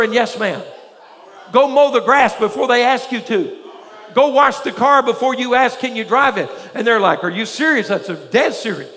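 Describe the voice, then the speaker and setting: A man preaches to his congregation in a strikingly high voice, full of energy and forever checking that they're with him. His sermon rings through a large church sanctuary, and every phrase trails off into a long reverb. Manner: energetic preaching with frequent call-and-response questions. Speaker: pastor.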